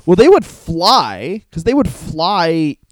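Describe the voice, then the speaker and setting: A man's voice: high-pitched, very animated, slow pace, dry recording. A young man co-hosting a casual podcast from a living room, rambling, swearing and laughing as he talks. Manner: rambling, laughing, swearing, puts on silly voices. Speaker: podcast co-host.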